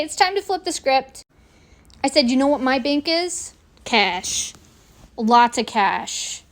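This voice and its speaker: Animated woman in her forties ranting. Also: high voice. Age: 40s. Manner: animated, indignant, acts out quoted lines. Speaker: vlogger. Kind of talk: casual storytelling monologue.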